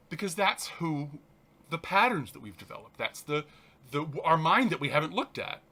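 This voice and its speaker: A man, a reverend hosting his show, reads a spiritual text aloud and comments on it in an animated, halting way, often restarting and laughing. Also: fairly high pitch.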